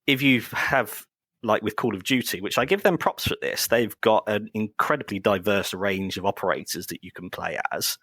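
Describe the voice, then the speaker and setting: A man's voice: on the low side, normal speed, sharp tone, no echo. A man on a podcast making an earnest point, hesitating with fillers as he builds his argument. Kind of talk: casual podcast discussion.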